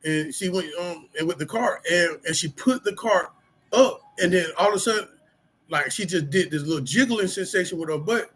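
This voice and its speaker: A middle-aged man with a husky, slightly raspy voice pitched a bit high for a man. He talks casually and openly to his viewers, rambling with plenty of fillers and street slang. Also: moderate pace, a bit bright, poor audio. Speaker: vlogger sharing personal recovery. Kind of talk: casual personal talk to camera.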